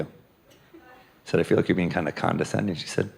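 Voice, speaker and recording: Deep-voiced deadpan man doing stand-up. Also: fairly quick, gravelly, long pauses, noisy background. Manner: deadpan, wry delivery with quoted asides. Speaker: stand-up comedian. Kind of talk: stand-up comedy set. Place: comedy club stage with laughing audience. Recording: live club recording with audible crowd.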